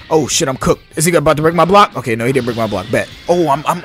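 A young man giving live, excitable, slang-heavy commentary as he plays a video game. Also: on the high side, fast talker, hardly any pauses, faint music behind. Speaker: gamer.

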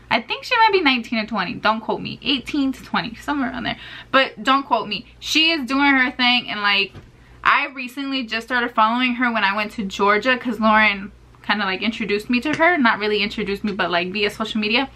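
A woman's voice: a little high, bright, forceful tone. A woman of twenty-one, answering get-to-know-me questions in a casual, sassy vlog while chewing gum. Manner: chatty, sassy, playful asides to viewers. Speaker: beauty vlogger.

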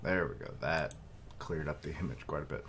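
A man's voice: extremely low pitch, brisk, a bit bright, a little hiss or hum. A man streaming a live reaction, reading and commenting casually with many hesitations. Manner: hesitant, with fillers and asides.

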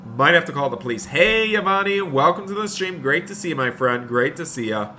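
Bright-voiced man streaming a game. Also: on the high side, expressive, a little fast, slight background noise. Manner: chatty, talks to chat while playing a bank clerk. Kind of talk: live game role-play commentary.

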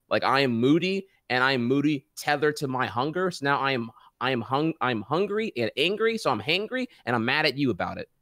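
A man's voice: medium pitch, very animated, a little fast, hardly any pauses, a bit bright, no room sound, studio quality. A man co-hosting a casual podcast chat, telling rambling, profane stories full of fillers. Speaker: podcast co-host.

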